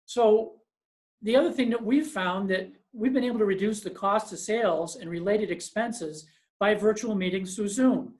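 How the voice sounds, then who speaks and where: A presenter on a business webinar speaks in a mid-range voice, neither high nor low. The delivery moves from storytelling into emphatic, practical advice for the listeners, and the sound is that of a video call. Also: moderate pace, a little mellow.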